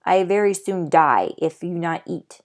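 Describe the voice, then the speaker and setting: A woman's voice: fairly low pitch, expressive, a little slow. A woman voicing a proud little warrior man who speaks in terse, broken phrases. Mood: demanding.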